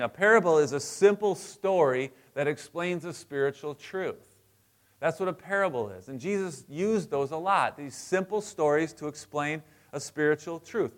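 A middle-aged male pastor preaching a sermon in a conversational way, often checking in with the congregation. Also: fairly high pitch. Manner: conversational, asks the congregation for responses.

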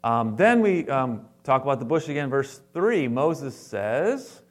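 A man preaching a sermon as a pastor to his congregation, animated and playful, acting out the lines he quotes. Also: mid-range voice, measured pace, few pauses.

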